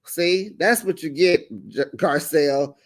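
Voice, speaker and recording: A man hosting a casual recap of a reality show, sassy and animated, with lots of "honey" and "child". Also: a little high, measured pace. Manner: acts out the quotes in put-on voices.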